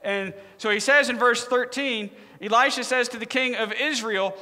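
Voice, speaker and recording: A man's voice: very high voice, normal speed, bright, forceful tone. A man preaching a sermon in a joking, conversational way, telling stories in a large church hall. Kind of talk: humorous sermon storytelling.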